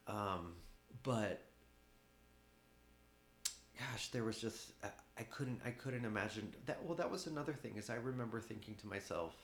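Guy being interviewed, low voice, stops and restarts a lot, bit of room echo. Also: expressive, slight background noise. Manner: halting, many restarts, laughs while talking. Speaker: guest artist. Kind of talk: candid conversational interview.

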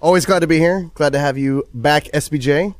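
A man's voice: a little high, a little fast, a little hiss or hum. A man co-hosting a podcast, playful and teasing in casual chat. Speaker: podcast co-host.

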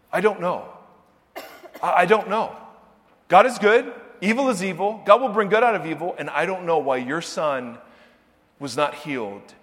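A man preaching a sermon as pastor, animated, dropping low and quiet then rising loud and emphatic. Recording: reverberant hall.

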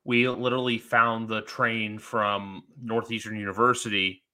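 Male podcast host, bright tone, rambling and eager casual chat. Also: lowish voice, moderate pace. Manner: rambling, excited, lots of fillers.

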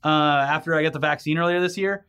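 A man's voice: fairly high pitch, steady tone, fast, bright, forceful tone, clear, resonant tone. A man co-hosting a casual news chat, rambling and laughing easily as he reads out stories. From California. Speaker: podcast co-host.

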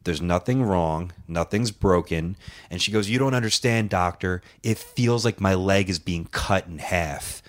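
A man with a deep voice tells a long, rambling story on a casual podcast. He acts out what other people said and swears freely. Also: measured pace. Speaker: co-host telling a story.

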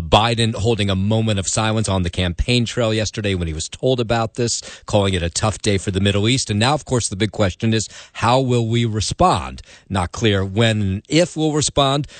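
A man giving the morning news rundown on a talk radio show in a plain, steady way. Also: lowish voice, moderate pace, few pauses, dry recording. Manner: plain, steady reporting with fillers.

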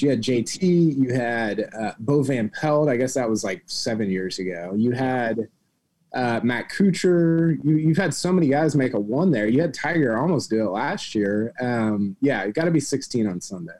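A man co-hosting a casual golf chat, talking in an excitable, rambling way. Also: mid-range voice. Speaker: co-host.

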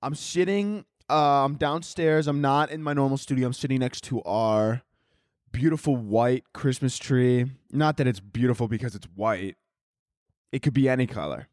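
A man's voice: medium pitch, moderate pace, a little mellow, no room sound. Rambling crude man, dry close sound. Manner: rambling, self-interrupting, crude jokes. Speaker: podcast host. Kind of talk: crude comedic rambling monologue. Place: home, downstairs by a Christmas tree.

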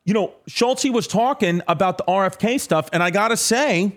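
A man's voice: high-pitched, normal speed. A man hosting a podcast, rambling and joking in casual chat with plenty of fillers. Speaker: podcast host.

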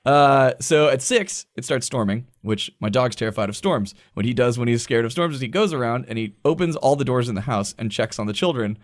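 A man in his thirties co-hosting a podcast, telling a story in a casual, animated way, acting out quoted voices and swearing freely. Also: medium pitch, a little fast, hardly any pauses. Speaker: podcast co-host. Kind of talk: casual storytelling among friends.

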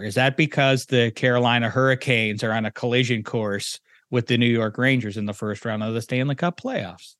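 Bright, playful male podcast host. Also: mid-range voice, steady tone, moderate pace, no room sound, studio quality. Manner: playful, teasing, mock-dramatic. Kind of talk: casual sports chat.

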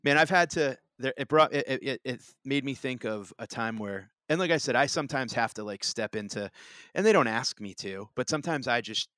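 A man chatting on a podcast, meandering through a story with lots of restarts and filler words. His voice sits at an ordinary pitch and sounds close and dry, with no room behind it. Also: lively intonation, a little fast, a bit bright, no room sound. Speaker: podcast co-host. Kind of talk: casual chat.

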